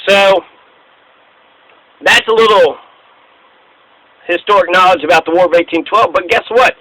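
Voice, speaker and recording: Cussing guy ranting about history, high bright voice, lots of punch. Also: normal speed, no echo, rough recording. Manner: profane, emphatic, ranting. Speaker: host. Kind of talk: casual history commentary.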